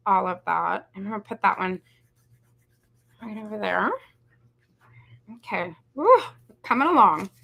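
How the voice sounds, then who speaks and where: Bright chatty woman in her forties. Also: medium pitch, gravelly. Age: 40s. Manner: chatty, rambling, says "y'all" and "you guys". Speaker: craft video host. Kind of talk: casual live craft tutorial chat.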